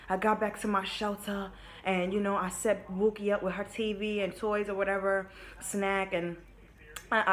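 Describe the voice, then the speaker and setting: A young woman with a mid-range, fairly bright voice tells her viewers a personal story in a casual vlog, with slight background noise. She's candid and emotional, swears freely, and calls her audience her babies.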